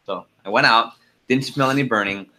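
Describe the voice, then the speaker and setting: A middle-aged man leading a team conference call, telling a lively story with laughs and then going through the agenda. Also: mid-range voice, a little fast.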